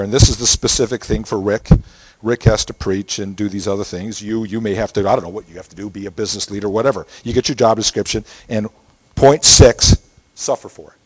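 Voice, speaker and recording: Pastor preaching conversationally. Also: male voice, medium pitch. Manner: conversational preaching, frequent "okay?" checks. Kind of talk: sermon.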